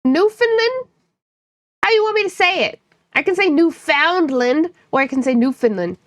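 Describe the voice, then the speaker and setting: A woman's voice: extremely high pitch, animated, brisk, a bit bright, no echo, studio quality. A woman from upstate New York, chatting casually with her live-stream viewers, playful and laughing often while she teases chat.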